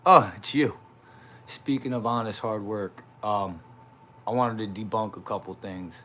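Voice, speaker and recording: A man's voice: on the low side, a little slow, fairly bright tone, slight background noise. Rambling, profane man on a livestream. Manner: rambling, profane, self-mocking. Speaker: live streamer. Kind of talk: casual livestream monologue.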